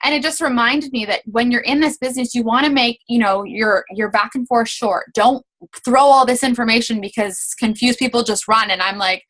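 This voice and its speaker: Young woman team leader, casual coaching talk; bright and a bit high, chatty, acts out example messages. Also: brisk. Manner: chatty, many fillers, acts out quoted messages.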